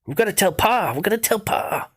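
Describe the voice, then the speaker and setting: A man's voice: high voice, animated, brisk, a bit bright, husky, pitched above the performer's own voice, heavily acted. A man voicing a terrified young boy who pleads and fires off repeated, frantic questions.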